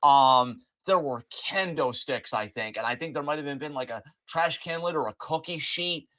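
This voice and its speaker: A man hosting a podcast, recapping events in an animated, joking way with plenty of swearing. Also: a little high, normal speed, no echo. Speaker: podcast host. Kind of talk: casual wrestling recap chat.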